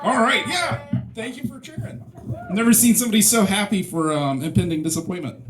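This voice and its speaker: A man's voice: sits high, fairly quick, music in the background. A man from Mississippi doing a stand-up comedy set into a stage mic, hesitant with lots of ums and self-deprecating jokes. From Mississippi, USA.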